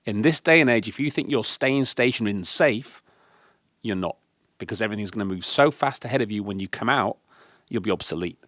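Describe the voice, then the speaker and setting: A man from the UK on a discussion panel, telling emphatic, animated stories about leadership. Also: mid-range voice, no room sound, clean studio sound. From United Kingdom. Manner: emphatic, animated anecdotes with acted quotes. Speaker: guest speaker on leadership.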